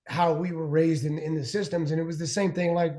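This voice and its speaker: A man in his forties, a former pitcher who is a guest on a show, telling long stories in a rambling way with many restarts and fillers. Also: steady tone, a little fast, dark tone. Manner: rambling, restarts a lot, heavy "like". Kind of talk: casual storytelling chat. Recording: roomy echo.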